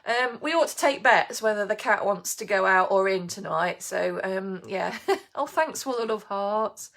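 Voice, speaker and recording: This is a woman who runs her own little bakery and hosts a live bake-along from her kitchen. She chats warmly with viewers, reads out their comments and laughs often. Her voice sits at an ordinary middle pitch. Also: animated, measured pace, creaky. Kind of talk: chatty live-stream baking demo. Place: home kitchen.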